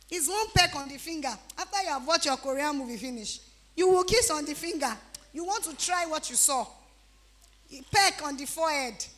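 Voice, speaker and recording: A woman in her thirties with a Nigerian accent, speaking to teenagers at a youth retreat in a lively, teasing way. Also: sits high. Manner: animated, teasing, breaks into pidgin-flavored asides.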